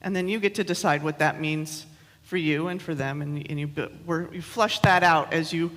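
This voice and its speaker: A woman's voice: sits low, fairly even intonation, moderate pace, fairly bright tone, in a large hall. A woman in her thirties, a minister giving a chatty, self-mocking sermon with personal stories, laughing often. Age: 30s. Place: church hall.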